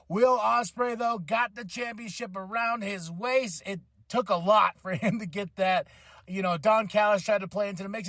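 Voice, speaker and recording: A fired-up man hosts his podcast, with a fairly high voice that jumps into excited shouts. The recording is close and completely dry. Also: no room sound. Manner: enthusiastic, animated, shouts in excitement. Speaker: podcast host. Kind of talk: excited wrestling recap.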